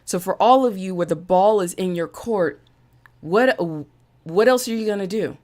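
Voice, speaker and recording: A woman's voice: mid-range voice, normal speed, darkish tone. A woman hosting a live-streamed motivational talk, emphatic and repeating phrases for emphasis, with an occasional cough. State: coughing now and then. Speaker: podcast host and business coach.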